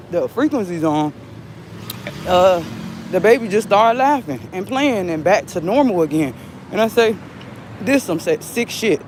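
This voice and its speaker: A woman's voice: mid-range voice, darkish tone, slight background noise. A middle-aged woman vlogging live while walking outdoors, rambling in a defiant, agitated and profane way. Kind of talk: rambling live vlog monologue.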